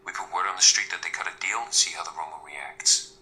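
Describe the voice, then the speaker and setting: A man's voice: low voice, fairly even intonation, fast, bright, forceful tone, rough recording. A man voicing a wry, pragmatic male district attorney in an audio drama.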